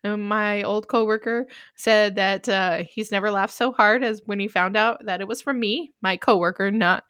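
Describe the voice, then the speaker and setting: A woman's voice: mid-range voice, steady tone, moderate pace, fairly bright tone, clean tone, no echo, clean studio sound. A woman co-hosting a podcast, telling stories casually with frequent giggles. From Colorado. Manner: giggly storytelling. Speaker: podcast co-host. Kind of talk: casual chat.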